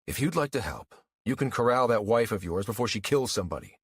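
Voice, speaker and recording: A man's voice: fairly low pitch, very animated, quick pace, husky, dry recording, clean studio sound. A man playing a curt, overworked small-town cop. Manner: clipped, impatient, firm. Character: harried male small-town police officer, curt and overworked.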